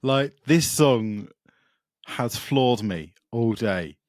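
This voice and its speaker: A man's voice: medium pitch, animated, drawn-out words, dry recording, studio quality. A man co-hosting a music podcast, chatting casually and enthusiastically about upcoming records, rambling with lots of fillers. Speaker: podcast co-host.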